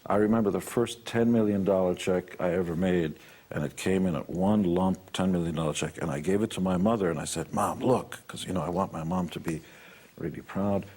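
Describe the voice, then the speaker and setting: A very low, husky voice belongs to an older man who talks bluntly and brags freely. He tells his stories like a seasoned speaker laying down life advice. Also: steady tone, a little fast, warm tone. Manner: boastful, blunt. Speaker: motivational speaker. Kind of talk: storytelling talk.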